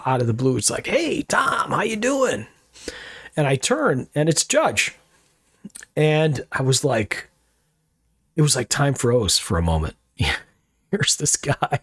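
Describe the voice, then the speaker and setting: A man's voice: mid-range voice, vocal fry, dry recording, clean studio sound. A middle-aged man hosting a podcast, telling a personal story in a rambling, reflective way that keeps correcting itself. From Rochester, New York area. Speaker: podcast host.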